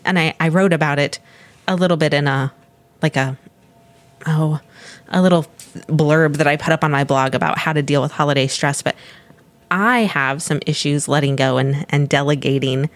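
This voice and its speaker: A woman co-host talks in relaxed podcast conversation. She is reflective and supportive, and often stops and restarts as she works out what she means. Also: low-pitched. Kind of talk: casual chat.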